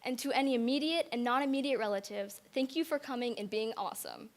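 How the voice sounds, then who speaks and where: A woman's voice: on the high side, fast talker. A teenage girl giving a nervous, giggly thank-you speech at her bat mitzvah in a synagogue, holding back tears. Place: synagogue sanctuary.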